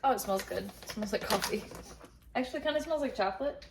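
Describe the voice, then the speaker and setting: A woman's voice: fairly high pitch, fast, creaky, background noise. A woman co-hosting a casual podcast from her home kitchen, laughing often and swearing casually. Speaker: podcast co-host. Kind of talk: casual chat.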